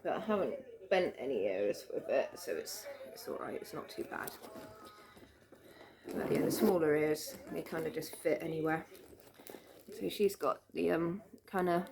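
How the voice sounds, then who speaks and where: British woman, casual vlog chat, rambling, lowish voice, home room. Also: expressive, a little slow, gravelly, darkish tone. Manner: chatty, rambling, lots of fillers and small laughs. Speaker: vlogger. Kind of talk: casual show-and-tell chat.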